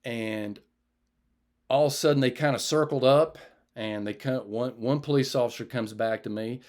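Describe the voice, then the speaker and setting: A man shares a personal testimony from the pulpit, telling it as a story. His voice jumps up when he acts out the other people in it. It falls soft and low when he recalls his prayers. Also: normal speed. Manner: animated retelling, raises his voice for others and drops low and quiet for prayer.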